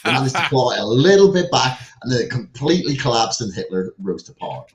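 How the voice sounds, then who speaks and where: A man's voice: medium pitch, very animated, fast. A man co-hosting a podcast, telling a story in rambling, profane casual talk full of "like" and "right". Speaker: podcast co-host. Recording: roomy echo.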